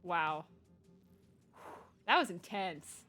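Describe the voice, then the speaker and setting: A young woman streamer reacting to a game story in casual, excitable, gushing talk. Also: lowish voice, drawn-out words, faint music behind.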